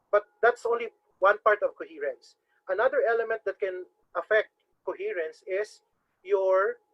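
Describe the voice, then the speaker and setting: A man's voice: high voice, no echo. A man with a strong Visayan Filipino accent teaching public speaking in an online webinar, earnest and often repeating words as he thinks. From Philippines, Cebu. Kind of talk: webinar lecture. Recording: dry, dull lo-fi webinar audio.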